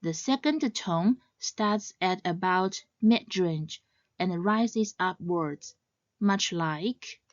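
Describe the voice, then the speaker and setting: A woman giving a scripted educational narration as a language teacher, in a measured, clearly explaining way. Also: medium pitch, no echo, lo-fi sound.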